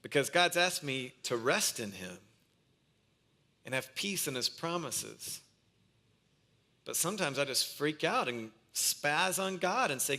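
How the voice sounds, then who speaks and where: Bright-voiced preaching man. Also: on the high side, very animated, unhurried, long pauses. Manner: earnest preaching mixed with a humorous family story. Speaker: pastor. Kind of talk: sermon.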